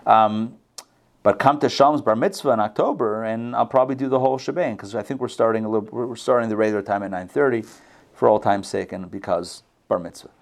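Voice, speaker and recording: A man's voice: on the low side, fast, gravelly. A man teaching a Torah class over a video call, talking casually, correcting himself and checking in with his listeners. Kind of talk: conversational online Bible class.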